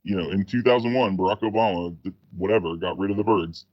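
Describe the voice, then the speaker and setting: A man's voice: deep voice, quick pace, dry recording, dull audio. A man co-hosting a casual podcast, telling a long rambling story full of profanity and restarts. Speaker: podcast co-host. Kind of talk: casual chat.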